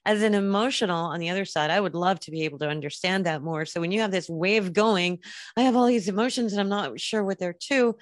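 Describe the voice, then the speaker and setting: A woman's voice: fairly low pitch, quick pace, no echo, clean studio sound. A woman hosting a casual interview, affirming her guest and asking curious questions. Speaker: podcast host.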